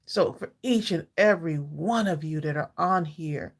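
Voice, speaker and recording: A woman in her sixties with a gravelly, somewhat low voice, hosting a live stream. She talks in a heartfelt, chatty way, answers her viewers by name and breaks into laughter often. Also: normal speed. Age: 60s. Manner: heartfelt, chatty, reads viewers' comments aloud and greets them by name; laughs often between thoughts. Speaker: livestream craft channel host.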